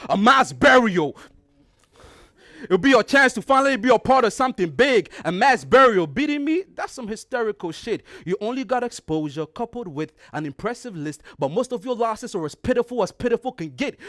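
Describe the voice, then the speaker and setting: A man's voice: very high-pitched, a bit bright, no echo, studio quality. A young man from Ghana performing a battle rap, aggressive and taunting, repeating punchlines with rising force. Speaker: battle rapper.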